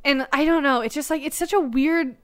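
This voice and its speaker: A young woman co-hosting a casual chat, animated and full of "like" fillers. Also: high voice, brisk. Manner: animated, frequent "like", laughs often. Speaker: co-host.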